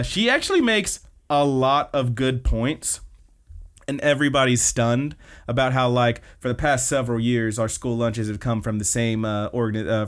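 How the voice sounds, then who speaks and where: Male podcast co-host, loose and chatty, lots of "like" and "uh". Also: mid-range voice. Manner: rambling, filler-heavy retelling. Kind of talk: casual anime recap chat.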